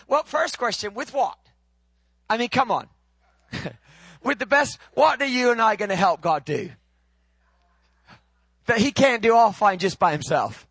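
A male preacher with a high-pitched voice delivers his sermon, rising into loud, ringing proclamations and then dropping to soft, close teaching. The sound is dry and close, with no room around it. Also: expressive, normal speed, long pauses, dry recording. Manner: swings from loud, high proclaiming to low, quiet, intimate teaching.

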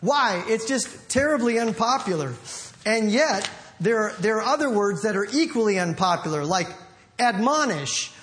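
A man preaching a sermon in an animated, playful way, acting out little quotes as he goes. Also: high voice, normal speed. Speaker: pastor.

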